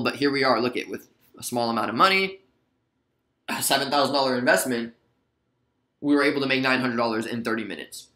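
A man hosting a casual trading recap, chatty and relaxed, with lots of fillers and asides. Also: mid-range voice, fast talker, reverberant. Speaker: stock trading video host. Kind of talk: casual screen-share trade recap.

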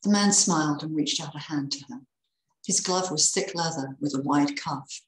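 A woman reading a Christmas story aloud in a measured, expressive way. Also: low voice, roomy sound, low-quality recording.

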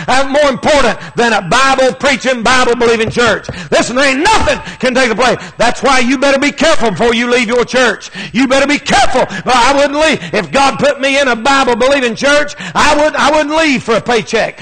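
A man preaching a sermon in a fervent, emphatic manner, with folksy plain speech, repeating his points and often rising to shouts. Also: extremely high pitch, low-quality recording.

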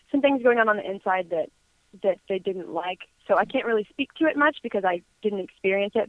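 A woman's voice: medium pitch, no room sound. A woman from Kansas calling in as a guest, answering questions in an earnest, friendly, plain-spoken way. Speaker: guest caller. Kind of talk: casual call-in interview. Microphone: phone. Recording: tinny phone line.

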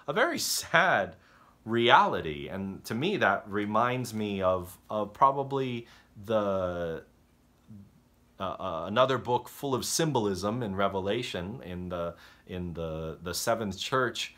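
A man preaching a conversational sermon as pastor, halting and restarting often, and acting out the voices of story characters. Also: on the low side, lively intonation, bright, forceful tone. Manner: halting, self-correcting delivery that acts out story characters.

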